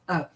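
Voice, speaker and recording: A woman hosting a live tarot stream who chats loosely, greets viewers by name and wanders between thoughts while reading the cards. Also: low-quality recording. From western United States.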